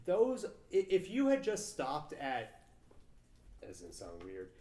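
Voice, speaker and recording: A man's voice: on the high side, huge pitch swings, slow pace, warm tone. A young man co-hosting a casual film chat podcast, rambling and swearing, with lots of fillers. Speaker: podcast co-host. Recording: roomy echo.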